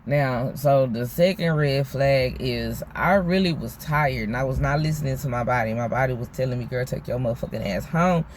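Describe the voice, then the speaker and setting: A man's voice: medium pitch, moderate pace, few pauses, a little hiss or hum. A man vlogging a casual storytime monologue, rambling and candid, full of slang, swearing and "you know what I'm saying". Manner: profane, candid.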